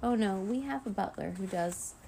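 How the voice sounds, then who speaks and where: A woman's voice: medium pitch, normal speed, gravelly, dark tone, a little hiss or hum, natural voice. A woman voicing a young boy vampire in a storybook read-aloud, awkward and stammering as he tries to fit in. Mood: nervous. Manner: hesitant, stammering.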